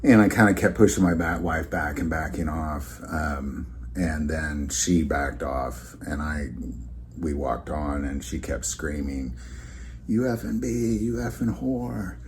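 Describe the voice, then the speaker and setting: Deep-voiced man telling a story casually. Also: fairly even intonation, a little slow, a little hiss or hum. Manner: rambling, conversational, many fillers and restarts. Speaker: channel host.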